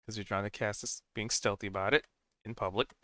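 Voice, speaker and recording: A man's voice: on the low side, steady tone, brisk, bright, forceful tone. Man running a tabletop game. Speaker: game master.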